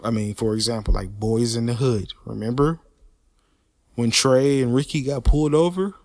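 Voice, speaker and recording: A man, ranting in a profane, repetitive, animated way. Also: mid-range voice, normal speed, no room sound, clean studio sound. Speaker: podcaster. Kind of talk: unscripted rant.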